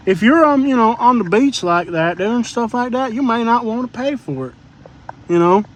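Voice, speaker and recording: A man with a notably high voice talks to his livestream audience while in a car. He drifts from topic to topic in a loose, joking, chatty way. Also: expressive, moderate pace, a little hiss or hum. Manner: rambling, joking, chatty asides to viewers. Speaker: live-stream vlogger. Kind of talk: casual live-stream chat.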